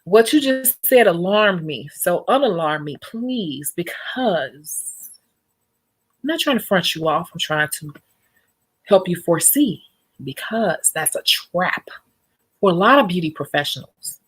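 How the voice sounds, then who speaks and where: Chatty, animated woman vlogging. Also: fairly low pitch, measured pace, breathy edge. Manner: chatty and animated, laughs often. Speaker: nail technician. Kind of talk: casual vlog chat with viewers.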